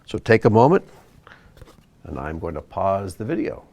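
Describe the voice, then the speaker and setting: A man teaching a video lesson, explaining slowly and patiently. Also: low voice, gravelly. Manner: slow, patient explaining with lively ups and downs. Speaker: Hebrew teacher.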